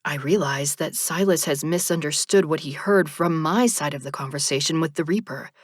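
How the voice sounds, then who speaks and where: A woman narrating an audiobook in the first person with a measured, soft delivery. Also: deep voice, dry recording, clean studio sound.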